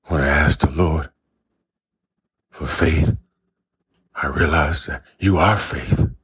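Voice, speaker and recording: A man's voice: extremely low pitch, slow pace, a bit bright, slight background noise. A man preaching a sermon, building his points through repeated, emphatic phrases. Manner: repetitive, emphatic preaching cadence.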